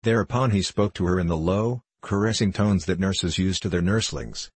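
A man reading an old tale aloud at a measured, even pace. His voice is very deep with a husky edge, and the recording is dry and close. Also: no room sound. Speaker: narrator. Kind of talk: audiobook narration.

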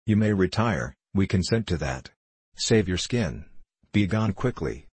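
Give me an impatient guard captain, voiced by a man, low, dry, commanding. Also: lively intonation, unhurried, a little mellow, slightly rough, no echo, exaggerated voice.

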